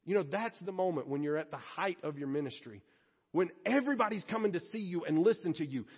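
A man's voice: sits high, expressive, quick pace, slightly rough. A man, preaching a sermon to his congregation in a church in a conversational, joking way. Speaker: pastor. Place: church sanctuary. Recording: reverberant hall, slightly muffled.

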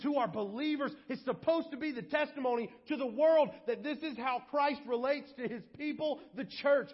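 A male pastor preaching a sermon, animated and acting out quoted voices. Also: extremely high pitch, breathy edge, big-room sound. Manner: animated, acts out quoted voices and shouts for effect. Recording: dull lo-fi sermon audio.

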